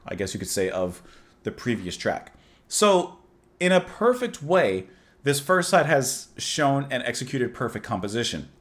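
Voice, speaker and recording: A man's voice: mid-range voice, a bit bright. A man hosting a music reaction, talking casually in a rambling, musing way and chuckling at himself.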